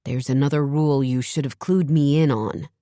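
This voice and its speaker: A woman's voice: extremely low pitch, steady tone, normal speed, dark tone, no echo, clean studio sound. A woman voicing a blunt, defensive man who is a father.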